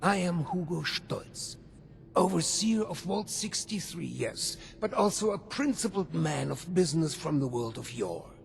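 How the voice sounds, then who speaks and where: An actor playing a smooth, scheming old male ghoul overseer in a video game, with a German accent and a gravelly, breathy half-whisper. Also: a little high, expressive, unhurried, a little hiss or hum. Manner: silky, theatrical, faintly menacing.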